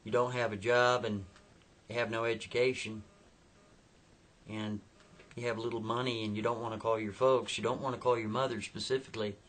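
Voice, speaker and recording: A man voicing a creepy, menacing male stranger who drives a car, calm and threatening. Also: medium pitch, close to an everyday voice.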